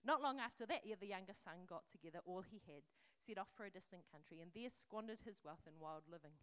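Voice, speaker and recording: A woman's voice: fairly low pitch, animated, fairly quick, fairly bright tone. A woman preaching a sermon, earnest and conversational, reading scripture aloud in a storytelling voice.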